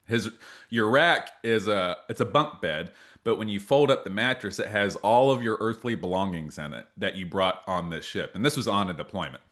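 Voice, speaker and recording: Animated man telling war stories. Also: lowish voice, normal speed. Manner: animated storyteller, acts out quotes loudly. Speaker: podcast co-host. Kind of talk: casual storytelling chat.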